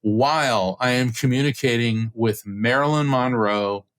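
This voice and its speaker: A middle-aged man, a guest on an interview podcast, telling a story with excitement and acting out the voices of the people in it. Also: medium pitch, measured pace, noisy background. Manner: acts out quoted voices, excited retelling. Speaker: podcast guest, psychic medium.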